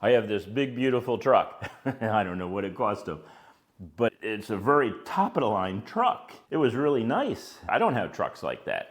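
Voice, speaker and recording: Older male business owner, casual storytelling monologue, animated delivery with lively pitch. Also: moderate pace. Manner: animated, acts out quoted dialogue with raised pitch, chuckles between lines. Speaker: business owner telling stories.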